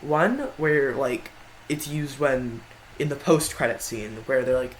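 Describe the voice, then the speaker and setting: A man talking through a ranked list in a loose, rambling way, stumbling over his words and correcting himself as he goes. His pitch is mid-range, and faint background noise sits under the voice. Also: expressive, slow, low-quality recording. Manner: rambling, frequent self-corrections. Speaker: video creator. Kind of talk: casual tier-list commentary.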